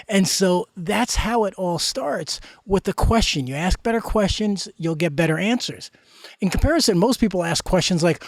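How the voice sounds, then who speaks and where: A man's voice: high voice, moderate pace, darkish tone, dry recording, studio quality. A middle-aged man giving an emphatic motivational talk as a life coach, full of rhetorical questions.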